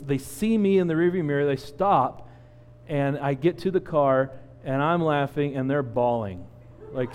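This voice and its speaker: A man in his forties preaching a sermon, telling a personal story with lively acted-out quotes. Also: fairly high pitch, in a large hall. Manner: animated storyteller, acts out quotes. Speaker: pastor.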